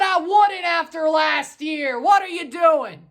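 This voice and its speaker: High-voiced woman ranting about soccer. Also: slow pace, hardly any pauses. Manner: heated, exasperated, swears casually. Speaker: soccer match reviewer. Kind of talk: ranting solo match review.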